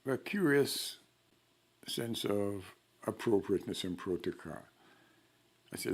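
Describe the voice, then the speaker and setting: A man's voice: fairly low pitch, animated, takes it slowly, long pauses, husky. An older man with a Jamaican accent, telling stories in a wry, blunt way during an oral history interview. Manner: wry storyteller, blunt and frank.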